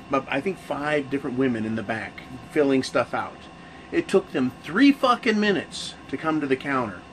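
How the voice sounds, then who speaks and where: A man's voice: on the high side, a bit bright, a little hiss or hum, rough recording. A man hosting his own channel, talking casually to camera in a rambling, profane rant full of restarts. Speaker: channel host.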